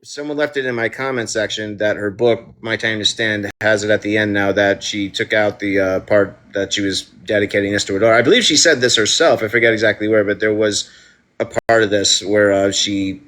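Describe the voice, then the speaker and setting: Bright-voiced man ranting on a live stream. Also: fairly low pitch, steady tone, brisk. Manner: indignant, ranting, mocking quoted voices. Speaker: true crime live streamer. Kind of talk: casual live-stream commentary. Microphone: phone.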